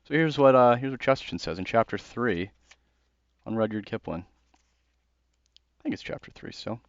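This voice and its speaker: A man's voice: medium pitch, expressive, moderate pace, dry recording. A young American man in casual, earnest commentary on a book, talking conversationally with fillers. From United States. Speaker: host. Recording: dull dry lo-fi recording.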